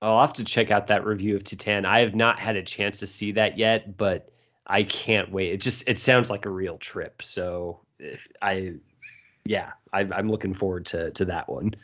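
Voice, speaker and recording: A lower-voiced man hosts a casual podcast chat and speaks thoughtfully, often restarting his sentences. The audio sounds dull and lo-fi. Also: steady tone, fairly bright tone. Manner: thoughtful, halting, many restarts. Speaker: podcast host.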